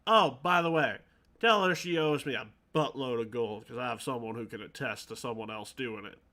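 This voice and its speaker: A man voicing a gruff shopkeeper in a tabletop game, putting on a gravelly voice. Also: medium pitch, normal speed, sharp tone. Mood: harried. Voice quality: gravelly put-on voice. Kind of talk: tabletop role-play voice acting.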